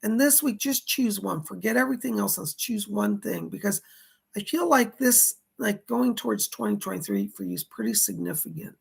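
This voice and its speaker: A middle-aged man giving live psychic readings, with a hoarse voice that is going and a chatty manner as he reads out viewer donations and questions. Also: high voice, very animated, moderate pace. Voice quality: gravelly. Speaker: psychic medium.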